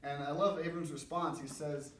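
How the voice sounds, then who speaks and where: A man's voice: on the high side, fairly even intonation, normal speed, fairly bright tone. A young man giving an informal, conversational sermon at a church men's breakfast, with a self-deprecating manner. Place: church gathering room. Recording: roomy, distant mic, faint background noise.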